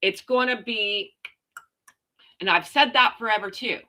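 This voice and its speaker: Woman host, casual sarcastic rant, bright forceful tone, gossip stream. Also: medium pitch, measured pace. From Canada. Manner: sarcastic, ranting, animated. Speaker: royal gossip livestream host. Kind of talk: casual chat reading viewer comments.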